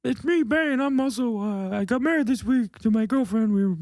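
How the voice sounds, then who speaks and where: A man's voice: extremely high pitch, a little fast, darkish tone, dry recording, clean studio sound, voice pushed up. A man doing a comic impression of a hulking male film villain. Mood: boastful. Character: male movie villain Bane, bragging.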